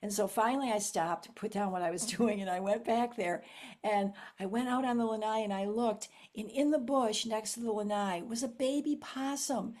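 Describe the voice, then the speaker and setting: A woman hosting an interview, gushing and animated, quick to laugh in casual chat. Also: medium pitch. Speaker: interview host.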